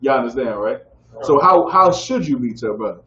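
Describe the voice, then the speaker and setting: A bright, forceful male voice with lively intonation and a slightly quick pace leads a scripture lesson like a sermon. He draws call-and-response from the group and keeps asking "y'all with me?" The audio is roomy, dull, and low-fi with faint background noise.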